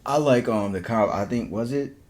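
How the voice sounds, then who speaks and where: Animated laughing man chatting. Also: mid-range voice, moderate pace. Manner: animated, laughing often, many restarts and fillers. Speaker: podcast co-host. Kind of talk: casual chat.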